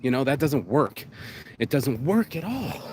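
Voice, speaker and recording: A man's voice: mid-range voice, big pitch swings, a little slow, heavy background noise. A man hosting his own video, shaken from crying, talking in a raw, profane, rambling way as he walks a street in the rain. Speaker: vlog host. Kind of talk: emotional walking monologue.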